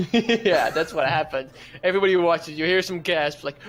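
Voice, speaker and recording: A fairly high-voiced man narrates a tabletop game as dungeon master, casual and quick to laugh. He punches up dramatic moments with loud bursts, with faint music playing behind him.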